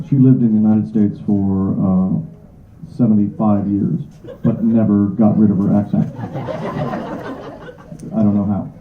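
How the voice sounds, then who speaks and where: Chatty, self-deprecating man, echoey tinny audio. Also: lowish voice. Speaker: author at a book signing. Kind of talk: casual talk to an audience. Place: bookstore event room. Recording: echoey, tinny phone-like audio with faint noise.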